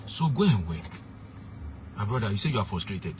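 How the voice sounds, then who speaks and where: A man's voice: on the low side, big pitch swings, normal speed, a little mellow, a little hiss or hum. A young man, a street preacher giving blunt, emphatic advice and slipping into pidgin. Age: young adult.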